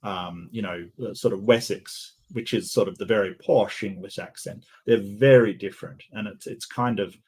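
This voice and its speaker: A lowish, husky male voice with a Western Australian accent, speaking through a video call. He pronounces each word carefully and precisely, yet keeps pausing on ums and restarting his sentences. His delivery is casual, like a guest chatting on a call-in show. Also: darkish tone. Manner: carefully enunciated, halting with many fillers. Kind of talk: casual panel chat.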